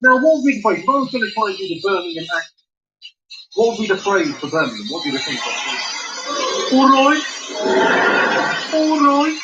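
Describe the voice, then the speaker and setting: High, lively comedian doing crowd work. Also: male voice, fast talker, pauses often, highs cut off, a little hiss or hum. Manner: banters with the audience, mimics regional accents. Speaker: stand-up comedian.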